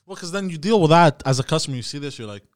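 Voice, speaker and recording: A man's voice: on the high side, expressive, racing, dry recording. A man chatting casually in a studio, answering a story with short, profane reactions. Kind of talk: casual chat.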